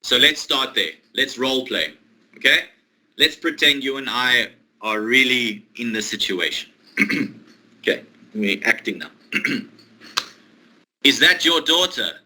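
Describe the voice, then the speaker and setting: A man teaching English one-to-one, explaining a role-play exercise patiently, step by step, with pauses. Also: medium pitch, expressive, sharp tone, poor audio. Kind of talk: online one-to-one English lesson.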